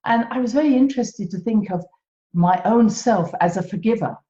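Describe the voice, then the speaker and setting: A British woman hosting a reflective solo podcast, gentle and self-mocking, laughing often at herself. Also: mid-range voice, moderate pace. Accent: British English. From Britain. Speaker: podcast host. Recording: echoey room, dull lo-fi sound.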